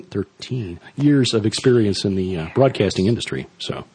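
A man co-hosting a podcast in casual chat, rambling and halting with many fillers, and reading a scripted outro. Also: on the low side, very animated, a little mellow, husky. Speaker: podcast co-host.

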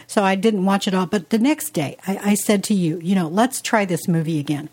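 A woman co-hosting a relaxed podcast conversation. She talks in a chatty, meandering way, circling back with restarts and side remarks, her voice sitting in an ordinary middle register. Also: medium pitch, brisk. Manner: chatty, rambling with restarts and asides. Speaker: podcast co-host. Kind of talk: casual conversational chat.

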